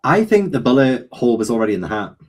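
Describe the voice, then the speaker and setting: A man in a casual book chat, theorizing animatedly and quick to laugh. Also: medium pitch, sing-song, darkish tone. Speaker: guest co-reader.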